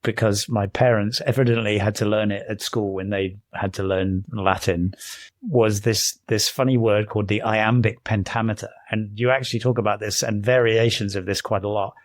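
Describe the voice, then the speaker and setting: A man with a fairly low voice hosts an interview podcast, recorded dry and close. He asks long, winding questions with polite hedges. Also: steady tone, normal speed, no room sound. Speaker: podcast host.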